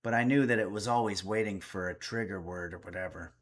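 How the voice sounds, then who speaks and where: A man's voice: lowish voice, fairly quick. A man hosting a casual home livestream, reading viewer messages aloud and answering with wry, chatty remarks. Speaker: streamer and cooking host.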